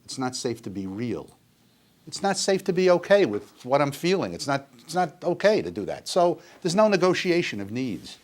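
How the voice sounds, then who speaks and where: A man's voice: fairly high pitch, very animated, moderate pace. An older man speaking on addiction recovery in an earnest, emphatic lecture that repeats its points.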